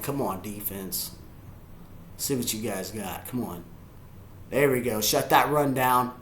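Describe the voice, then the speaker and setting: A man giving excitable live reaction commentary on a football game, yelling at the players and chuckling often. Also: on the low side, roomy sound, slight background noise. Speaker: sports fan reacting to a game.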